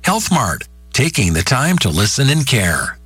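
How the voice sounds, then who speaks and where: A man's voice: wildly swooping pitch, a little slow, fairly bright tone, breathy edge, no echo. A man announcing a radio ad for a pharmacy in a friendly sales voice. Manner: friendly, pitching. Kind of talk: scripted radio ad read.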